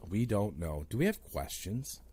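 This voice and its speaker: A man co-hosting a podcast, teasing his partner with sarcasm and plenty of swearing. His voice sits a little low and moves a lot in pitch. The sound is dry and close. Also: very animated, normal speed, a little mellow, slightly rough, no room sound. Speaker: podcast co-host. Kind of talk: casual chat.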